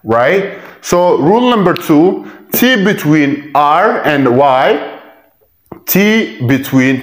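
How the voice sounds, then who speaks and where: A man gives a pronunciation lesson in a fairly high voice. He drills example words slowly and over again, moving between languages as he teaches. The room around him rings with echo. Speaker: English teacher.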